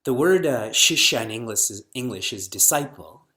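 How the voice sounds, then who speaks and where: A middle-aged man who is a spiritual teacher lectures an audience on scripture, firing off rhetorical questions and slowly chanting verses. His mid-range voice sounds animated, with a sharp tone.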